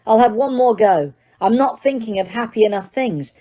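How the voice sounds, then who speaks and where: A woman voicing a determined, shaken thirteen-year-old boy wizard in an audiobook, who yells his spells in strained, high shouts. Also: animated, normal speed. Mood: earnest. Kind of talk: audiobook character reading.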